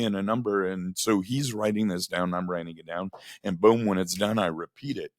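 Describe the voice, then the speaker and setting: A man telling casual stories about running a radio station, acting out the dialogue with lively energy. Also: deep voice, normal speed, no room sound, clean studio sound. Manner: animated, acts out quoted dialogue. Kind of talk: casual storytelling monologue.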